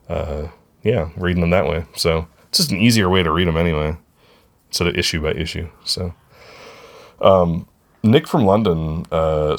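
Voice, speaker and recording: A man co-hosting a podcast in casual chat, rambling and correcting himself as he goes in a friendly way. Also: low voice. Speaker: podcast co-host.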